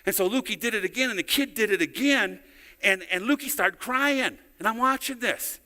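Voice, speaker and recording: A man's voice: high-pitched, animated, normal speed, pushed and bright. A middle-aged male pastor preaching a sermon in a church, telling stories conversationally and often repeating words as he goes. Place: church sanctuary. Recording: long hall reverb.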